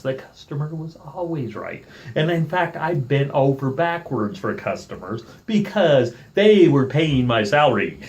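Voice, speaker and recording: A middle-aged man with a medium-pitched voice tells a story in a casual vlog, animated and irritated. He acts out both sides of an argument and refers to himself by name in the third person.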